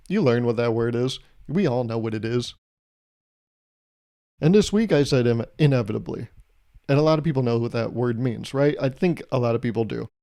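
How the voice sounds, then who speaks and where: A man's voice: medium pitch, vocal fry, dark tone. A man hosting a solo podcast, talking in a sarcastic, joking way full of rhetorical questions and playful mock advice. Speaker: podcast host. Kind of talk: solo comedic podcast monologue.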